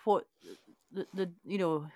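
A woman's voice: lowish voice, steady tone, unhurried, darkish tone, dry recording, studio quality. Hesitant woman thinking aloud. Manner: tentative, hesitant, with many restarts. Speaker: co-host. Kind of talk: casual discussion.

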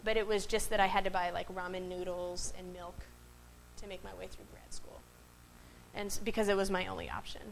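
A woman quietly voices a grateful young man in her sermon, speaking in a hushed, earnest way. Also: mid-range voice, lively intonation, fast talker, gravelly, hardly any pauses, a little hiss or hum, low-quality recording. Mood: relieved.

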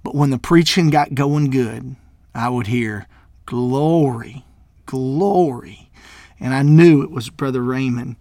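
A minister from Mississippi shares a personal testimony haltingly, with many fillers and restarts, at times becoming emotional and tearful. His mid-range voice has a darkish tone, recorded dry with clean studio sound.

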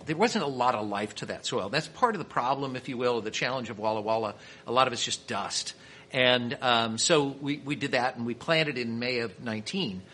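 Speaking briskly in a medium-pitched, sharp-toned voice, a Kansas City man tells stories as a podcast guest; he owns a winery and works as a sommelier. The casual interview finds him chatty and frequently restarting, with slight background noise.

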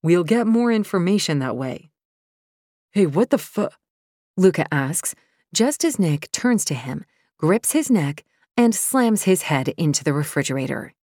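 A woman narrates an audiobook in first person, tense and intense, close to the mic, her pitch rising sharply when she voices the heroine. Her voice is lowish and darkish, with big pitch swings and a moderate pace. The recording is dry.

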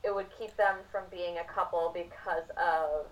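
A woman's voice: fairly low pitch, steady tone, normal speed, recorded from a distance, rough recording. A woman co-hosting a casual book discussion, thoughtful and rambling, with lots of "like"s. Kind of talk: casual chat. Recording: voice a bit off-mic.

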